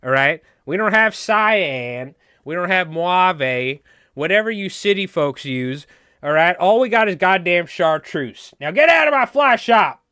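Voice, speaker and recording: A man putting on a cranky fly shop owner who gruffly rants at customers, shouting them out of his store. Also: high voice, animated, unhurried, dry recording, pitched above the performer's own voice, heavily acted. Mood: angry. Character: cranky old-timer male fly shop owner, hostile to outsiders.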